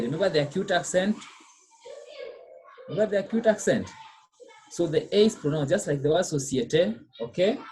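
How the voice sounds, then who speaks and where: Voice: mid-range voice, animated, moderate pace, long pauses, warm tone, slight background noise. A teacher giving a French pronunciation lesson, drilling students and answering their own questions with "what?".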